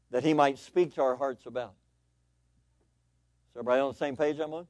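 A man preaching a sermon in church, swinging between loud emphatic lines and quiet, conversational asides. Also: mid-range voice, steady tone, a little fast, pauses often, dry recording, studio quality. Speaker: pastor. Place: church sanctuary.

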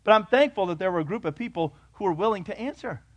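High-voiced preacher, emphatic man. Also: animated, quick pace, no room sound. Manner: emphatic, rhetorical questions, swings from loud declarations to hushed points. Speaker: pastor. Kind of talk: sermon. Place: church before a congregation.

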